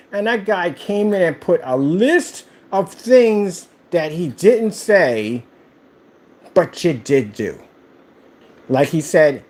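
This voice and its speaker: Husky, animated man ranting on a livestream. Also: a little high. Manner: animated and ranting, full of rhetorical questions. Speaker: owner of a screen paint company.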